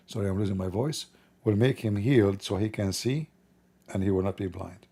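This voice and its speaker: A middle-aged man hosts a livestream in a low, gravelly voice with a dark, mellow tone. He talks casually and then preaches bluntly and mockingly. His grammar is broken. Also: normal speed, long pauses. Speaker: livestream host.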